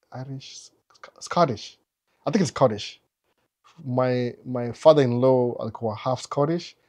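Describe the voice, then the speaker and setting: Man lecturing in code-switched chat. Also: medium pitch. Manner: switches between English and Swahili mid-sentence; animated, lecturing, asks rhetorical questions. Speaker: live Q&A host. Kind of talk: casual live-stream advice chat.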